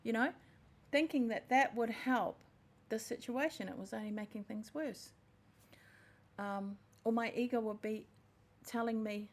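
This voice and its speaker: A woman's voice: on the high side, a little slow. A woman hosting a podcast, talking through a reflective personal monologue in an earnest, heartfelt way that often stops to rephrase. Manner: earnest and heartfelt, with self-repairs. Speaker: podcast host.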